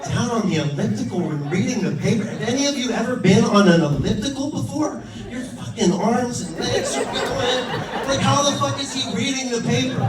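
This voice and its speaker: A high-voiced man in his thirties works through a stand-up set, swearing and acting out his family's lines with exasperated timing. The sound carries the echo of a club room, picked up from some way off the mic, and an audience laughs loudly throughout. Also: normal speed, few pauses. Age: 30s. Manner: profane, exasperated storytelling with acted-out quotes. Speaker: stand-up comedian. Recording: echoey room, mic heard from a distance, crowd laughter.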